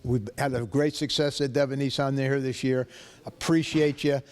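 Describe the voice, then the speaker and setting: A man from the area pitching his own car dealership in a loud, brash, excitable TV ad style. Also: moderate pace. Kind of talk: hyped dealership TV ad.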